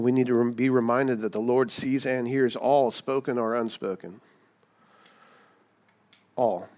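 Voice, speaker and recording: A man with a medium-pitched, slightly mellow voice preaches a sermon conversationally. He often poses rhetorical questions and acts out different voices.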